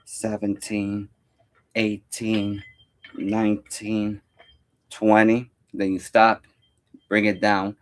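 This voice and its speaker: A young man casually talking through a home workout, rambling with lots of fillers and counting his reps aloud. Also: lowish voice. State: out of breath at times. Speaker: fitness vlogger.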